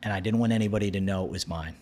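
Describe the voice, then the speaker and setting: A man in his thirties with a low voice tells a story on a podcast. He talks casually and with energy, and slips into the voices of the people he quotes. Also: rapid-fire. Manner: animated, acts out quoted dialogue. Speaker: podcast guest.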